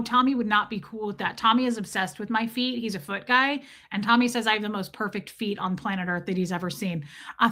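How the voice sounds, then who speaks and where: A woman's voice: medium pitch, pushed and bright. A woman in her thirties hosting a live stream, chatting casually, telling a story with exaggerated quoted voices and reading out viewer comments. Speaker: livestream host.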